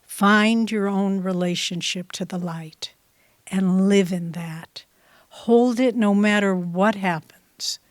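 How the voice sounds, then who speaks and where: Slow, soft-spoken woman teaching. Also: mid-range voice, steady tone, no room sound, clean studio sound. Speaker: spiritual teacher. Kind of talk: class talk, storytelling.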